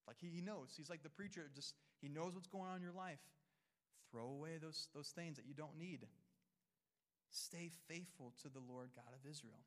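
A man's voice: a little high, moderate pace. A male pastor preaching a sermon, reading scripture and speaking earnestly to the congregation, often repeating and restarting words.

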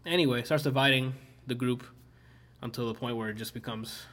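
Talking a little fast in a mid-range, fairly bright voice, a man streams and wanders loosely through a story. His casual chatter is thick with swearing, "like," and other fillers.

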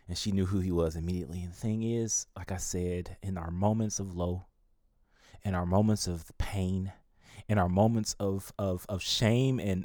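A man with a low voice gives an earnest devotional reflection on scripture. He talks in halting restarts, and his pitch climbs when he is moved. The sound is dry and close. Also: fairly even intonation, mellow, no echo. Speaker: devotional podcast host. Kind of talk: reflective scripture reading and commentary.

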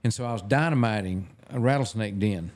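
Older man, folksy halting storyteller. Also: on the low side, a little mellow. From Texas. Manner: halting, restarts, folksy drawl. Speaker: guest photographer. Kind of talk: casual storytelling.

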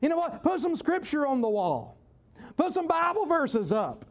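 A Southern US preacher with an unusually high voice for a man. He delivers his sermon in a folksy, emphatic way, hammering key phrases again and again and rising into shouts. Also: sing-song, moderate pace.

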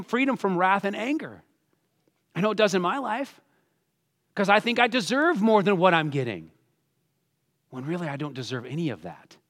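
A man preaching a sermon in a conversational way, calling his listeners folks and acting out the quotes he reads. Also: high-pitched. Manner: conversational, addresses listeners as folks, animated quoting. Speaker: pastor.

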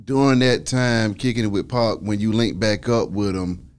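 A man interviewing a guest, asking slow, measured questions. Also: fairly low pitch, smooth. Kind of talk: casual interview.

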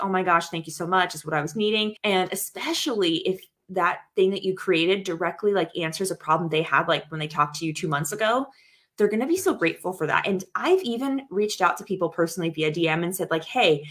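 A woman's voice: on the low side, fast, fairly bright tone. A woman co-hosting a podcast in casual chat, earnest and chatty, often acting out quotes from other people. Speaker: podcast co-host.

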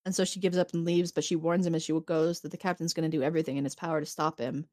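A woman's voice: low voice, very fast, no room sound, studio quality. A woman co-hosting a podcast, casually retelling a TV episode, acting out the characters' lines and laughing often. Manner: animated storytelling, acts out quotes, laughs often. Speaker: podcast co-host recapping an episode. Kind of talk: casual chat.

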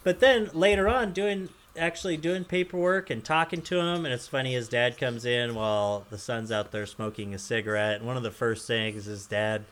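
A man's voice: medium pitch, normal speed, few pauses, a bit bright. Chuckling man telling a rambling story. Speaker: podcast host. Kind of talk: casual podcast chat.

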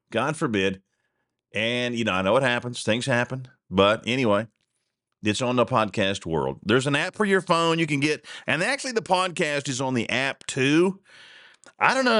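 A man's voice: mid-range voice, a bit bright, dry recording, clean studio sound. A man hosting a radio talk show, chatting in a rambling, jokey, folksy way. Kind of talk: casual radio chat.

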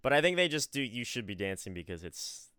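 Lively young man with a smooth, low voice. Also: a little fast, dry recording, clean studio sound. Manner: animated, joking, swears casually. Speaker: podcast co-host. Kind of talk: casual chat.

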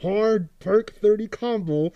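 A man's voice: sits high, takes it slowly, dry recording, muffled recording. A young man from Oakland, ranting casually with profane, rambling sarcasm. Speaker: commentator. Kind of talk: casual rant.

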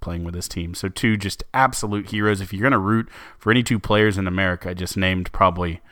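A man with a low voice chats his way through a sports podcast, stopping and restarting often. The sound is dry and close, with no room around it. He keeps it loose and conversational. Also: fast, a bit bright, no echo. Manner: chatty, many fillers and restarts. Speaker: podcast co-host. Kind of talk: casual sports podcast chat.

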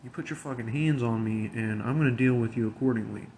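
A man's voice: mid-range voice, fast, darkish tone, a little hiss or hum. A man who works at a convenience store telling a story in a blunt, profane, drawling way. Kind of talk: casual storytelling.

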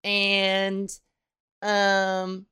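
A woman's voice: medium pitch, monotone, very slow, sharp tone, smooth. A woman hosting her own podcast in casual solo chat, rambling and self-mocking and laughing at her own jokes, speaking into a microphone. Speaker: podcast host. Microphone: studio microphone.

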